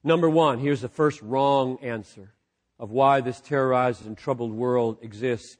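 Impassioned slow-preaching male pastor. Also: medium pitch. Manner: impassioned, swinging from hushed to near-shouting. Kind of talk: sermon.

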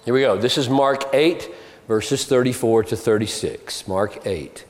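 A man's voice: fairly low pitch, measured pace, darkish tone. A man preaching a sermon, emphatic and argumentative, driving his points home with rhetorical questions. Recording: long reverb of a large hall.

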